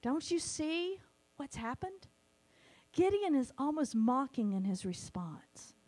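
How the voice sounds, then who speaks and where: High-voiced woman preaching a sermon. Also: takes it slowly. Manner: animated, acts out quoted voices.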